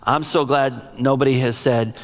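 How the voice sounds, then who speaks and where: A middle-aged man preaching a sermon as a pastor, telling stories in an emotional, animated way. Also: mid-range voice, measured pace. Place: large church sanctuary. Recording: long reverb of a large hall.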